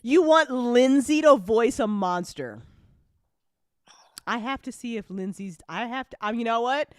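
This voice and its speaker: Giggly animated woman host. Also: a little high, a little slow, dry recording, studio quality. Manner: giggly, animated, frequent laughter. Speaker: host and show creator. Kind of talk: casual chat after a live listen party.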